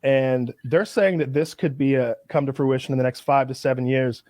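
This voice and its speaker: A man co-hosting a podcast, chatting casually and telling stories in an animated way. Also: medium pitch, moderate pace, no room sound, clean studio sound. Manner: animated storytelling, mock announcer voices. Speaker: podcast co-host.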